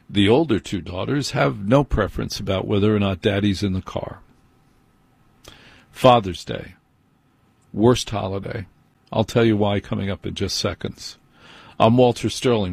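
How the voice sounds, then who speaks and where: Husky-voiced grumbling radio host, a man. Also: on the low side, moderate pace, no echo. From New Jersey. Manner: wry, grumbling storyteller. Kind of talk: late-night talk monologue.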